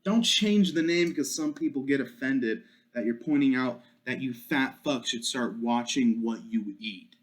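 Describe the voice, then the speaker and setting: A man's voice: medium pitch, a little slow, few pauses. A young man hosting a solo podcast, ranting in a crude, profane, joking way. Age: young adult. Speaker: podcast host.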